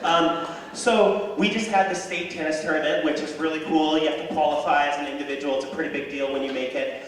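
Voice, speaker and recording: Man doing stand-up in an echoey hall. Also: a little fast. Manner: animated storytelling with high yelled voices for characters. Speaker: stand-up comedian and high school tennis coach. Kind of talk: stand-up comedy set. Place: high school auditorium with live audience. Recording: echoey hall, distant mic, audience noise.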